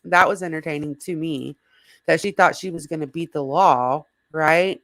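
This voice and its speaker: A slightly hoarse woman hosting a casual livestream, rambling and greeting viewers in the chat by name. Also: sits low, moderate pace, a bit bright, no room sound. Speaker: livestream host.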